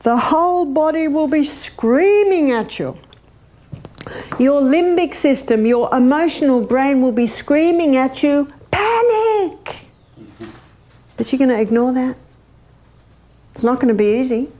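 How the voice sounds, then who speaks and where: Lively woman, warm and mellow. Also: high voice, measured pace. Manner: lively, imitates bird laughs, asks the audience questions. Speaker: health educator. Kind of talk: animated teaching talk.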